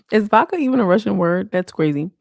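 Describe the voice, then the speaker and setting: A woman's voice: mid-range voice, animated, measured pace, vocal fry, a little mellow, dry recording, clean studio sound. A woman hosting a casual late-night livestream, talking in slang and answering viewer comments. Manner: slangy, frequent "like" and "you know". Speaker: livestream host.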